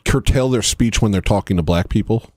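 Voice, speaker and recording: A man's voice: on the low side, a little fast, a little mellow. A man hosting a livestream, rambling and joking in a self-mocking, comedic rant. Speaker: livestream host.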